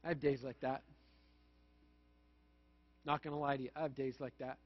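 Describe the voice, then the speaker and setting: A pastor from Manitoba, Canada, preaching a conversational sermon and telling stories with self-mocking humor. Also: male voice, medium pitch, little pitch movement, normal speed. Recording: dull, lo-fi sound.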